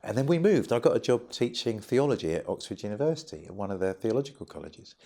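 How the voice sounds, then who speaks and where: Lively man telling stories. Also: on the low side, fast talker. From United Kingdom. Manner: animated, humorous storyteller. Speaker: charity founder guest. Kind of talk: interview storytelling.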